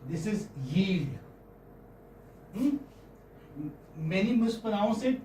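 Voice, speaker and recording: A man with an Indian English accent giving a classroom phonetics lecture, halting and often checking in with students. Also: sits high, expressive, dark tone, a little hiss or hum. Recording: roomy classroom audio from far off.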